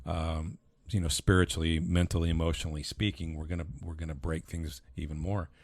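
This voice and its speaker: Deep-voiced earnest man, dry close mic. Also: level tone, brisk, no room sound. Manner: heartfelt, earnest, often repeats words as he restarts. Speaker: podcast co-host, husband and father. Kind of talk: casual podcast conversation.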